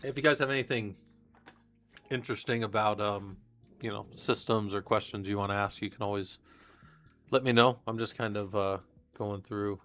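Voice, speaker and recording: A man's voice: fairly low pitch, fairly even intonation, moderate pace, long pauses, a bit bright, soft background music. A man reading research papers aloud on a live stream and commenting casually between passages, with fillers and restarts. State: coughing, hiccups.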